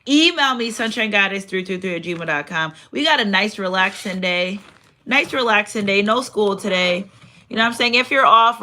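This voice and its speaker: Bright-voiced woman doing a card reading. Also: mid-range voice. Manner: chatty, repeats phrases, reads out affirmations. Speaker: tarot card reader. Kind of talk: casual spiritual reading to camera.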